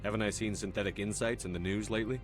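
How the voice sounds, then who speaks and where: A man's voice: on the low side, fairly even intonation, quick pace, over music, lightly acted. An actor voicing a direct, questioning male commander in a video game.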